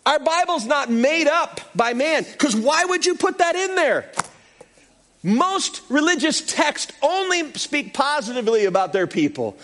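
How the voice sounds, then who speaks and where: A man preaches a sermon in a high, bright voice, with a pitch that leaps all over the place. He tells the story playfully, throwing in humorous asides to the congregation. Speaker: pastor.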